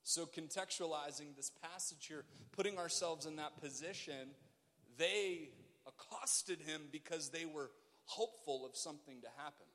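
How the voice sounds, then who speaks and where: A man's voice: on the high side, normal speed, a bit bright, long reverb tail. A man preaching a sermon as pastor, earnest and urgent, putting questions to his congregation.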